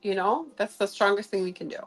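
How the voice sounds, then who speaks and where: A woman's voice: mid-range voice, expressive, quick pace, faint music behind, poor audio. A woman hosting a casual livestream as a sound healer. She talks in a chatty, rambling way with many filler sounds.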